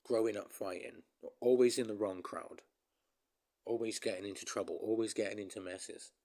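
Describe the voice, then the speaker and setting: A man vents in a casual vlog, talking straight to his viewers with a rambling, emphatic flow. His voice sits a little low, and he keeps calling his audience guys as he restarts his thoughts. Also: fairly even intonation, moderate pace, warm tone. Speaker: vlogger.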